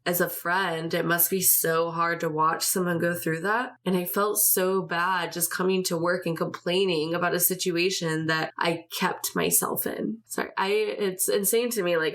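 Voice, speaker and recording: A woman's voice: on the low side, fairly even intonation, normal speed, few pauses, a bit bright. A woman in her twenties hosting a podcast, telling her own story in a candid, emotional way and swearing freely. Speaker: podcast host.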